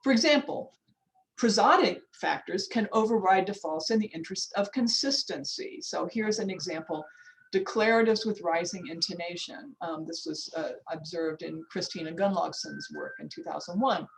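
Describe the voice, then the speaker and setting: Lecturing on linguistics via video call, an older American professor gives an informal, chatty workshop talk, repeatedly restarting, making asides and noting the time aloud. Her voice is on the low side and expressive, at normal speed, over a low-quality recording.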